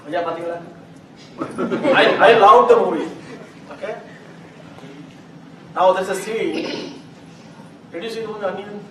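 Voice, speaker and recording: A man leads a live chanting class, his high voice lively as he acts out examples and laughs. He speaks slowly, heard from a distance in an echoey hall. Steady noise hums underneath. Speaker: Vedic chanting teacher. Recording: roomy, distant mic, noisy.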